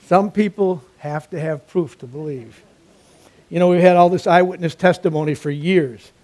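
A man's voice: on the high side, moderate pace, darkish tone. A man preaching a sermon, emphatic and repetitive, weaving in a joke.

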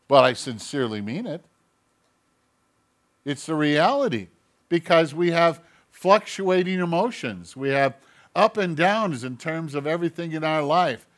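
A man preaching a sermon as pastor, moving between quiet conversational asides and louder emphatic lines. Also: fairly high pitch.

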